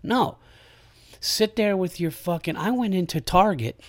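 A man's voice: high-pitched, a little slow. A man hosting a casual comedic podcast chat, ranting in heated, profane bursts and breaking into laughter. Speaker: podcast host.

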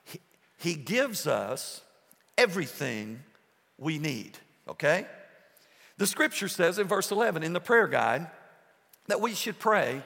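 A male pastor preaching a passionate sermon, swinging between soft, low passages and loud bursts. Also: sing-song, measured pace, gravelly, pauses often. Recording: long hall reverb.

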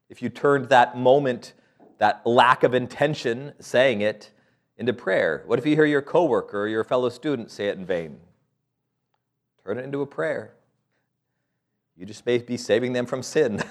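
A man preaching a sermon in a conversational, playful way, full of rhetorical questions and light laughs. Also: medium pitch.

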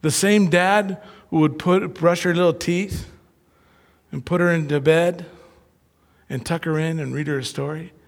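A man preaching a sermon, telling personal stories with lively acted-out voices. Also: on the high side, measured pace, gravelly, long reverb tail. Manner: animated storyteller who acts out voices. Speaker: pastor.

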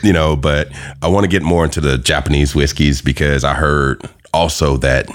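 Very deep-voiced man, casual and profane. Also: fairly even intonation, moderate pace. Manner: loose, profane, laughs through his stories. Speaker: podcast guest. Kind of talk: casual storytelling chat.

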